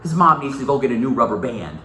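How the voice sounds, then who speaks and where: A male teacher reading a novel aloud to his class, animated, repeating key points and putting questions to the students. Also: mid-range voice, fast. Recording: echoey classroom, mic far off, faint noise.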